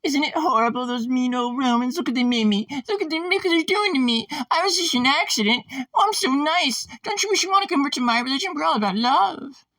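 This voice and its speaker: A man voicing a whiny, passive-aggressive male zealot who plays the self-pitying martyr in a high, simpering, sobbing voice. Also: animated, fairly quick, bright, forceful tone, no room sound, full character voice, poor audio. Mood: wailing. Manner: simpering fake-polite sobbing.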